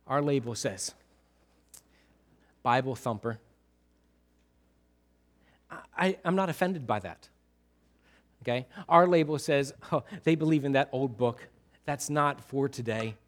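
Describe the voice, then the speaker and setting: A middle-aged man preaching a sermon in a conversational way, asking the congregation questions and often repeating himself. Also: on the high side. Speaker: pastor.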